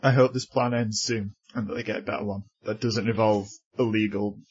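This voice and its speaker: A man co-hosting a podcast in casual chat, chatty and quick to laugh. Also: fairly low pitch, fairly even intonation, breathy edge, highs cut off. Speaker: podcast co-host.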